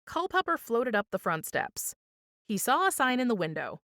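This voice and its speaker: Woman, children's storytime reader, animated, dry close sound. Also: a little high, normal speed, no echo. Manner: expressive, lively reading. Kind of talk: children's storytime read-aloud.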